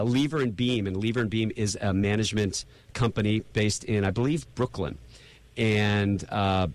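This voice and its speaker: A man hosting a live radio talk show, talking in a chatty, rambling way with frequent restarts. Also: medium pitch.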